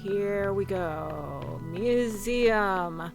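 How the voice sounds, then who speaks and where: A woman's voice: medium pitch, expressive, extremely slow, gravelly, faint music behind. A woman streamer giving casual gameplay commentary, chatting and reading game dialogue aloud.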